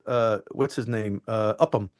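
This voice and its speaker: Animated male actor telling set stories. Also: fairly low pitch, measured pace. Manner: animated, acts out quotes and lines. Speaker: actor guest. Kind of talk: anecdotal interview storytelling.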